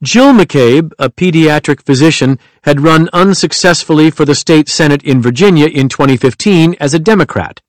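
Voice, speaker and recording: A male audiobook narrator reads nonfiction in a measured, even manner. His voice sits a little high for a man, and the recording is dry and close, with no room sound. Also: no room sound.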